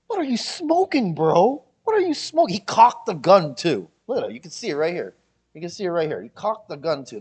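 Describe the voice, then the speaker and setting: A man hosting a livestream, talking to his chat in a loose, joking way. His pitch swings widely as he rants and mocks people with put-on voices. Faint music plays behind him. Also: a little mellow, slightly rough. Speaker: livestream host.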